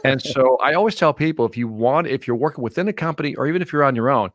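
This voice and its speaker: A middle-aged man, a motivational speaker guesting on a podcast, talking in an earnest, energetic storytelling manner. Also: mid-range voice, fast talker, no room sound, studio quality. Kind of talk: casual podcast interview.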